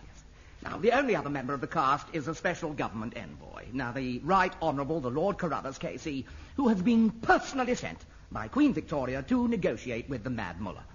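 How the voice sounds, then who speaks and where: An actor playing a fussy, excitable male amateur theatre director who gushes theatrically, in a 1960s radio sitcom. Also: medium pitch, fairly quick, breathy edge, heavily acted. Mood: gushing. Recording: dull lo-fi old radio recording.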